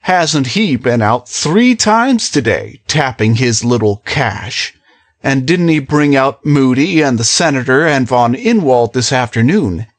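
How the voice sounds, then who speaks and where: A woman puts on a secretive young gentleman who coaxes and urges in a lowered voice for this audiobook. He talks very slowly and evenly, pressing each point. The recording is close and dry. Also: lively intonation, no room sound. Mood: coaxing. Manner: low, slow, urging delivery. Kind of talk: audiobook character voice.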